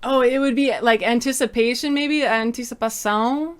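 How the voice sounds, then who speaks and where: A woman's voice: on the high side, moderate pace, smooth. A woman hosting a casual livestream lesson, explaining terms and chatting as she answers viewer comments. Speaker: samba teacher hosting a livestream.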